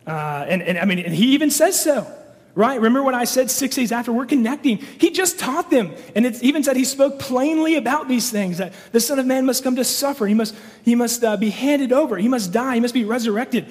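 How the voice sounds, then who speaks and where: High-voiced pastor in a reverberant hall. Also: male voice, lively intonation, fairly quick. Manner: conversational, many fillers and restarts. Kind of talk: sermon.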